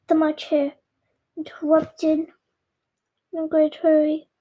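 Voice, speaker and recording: A child reading a storybook aloud, slow and careful, stumbling and repeating words now and then. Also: high voice, completely flat delivery, highs cut off. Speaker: reader.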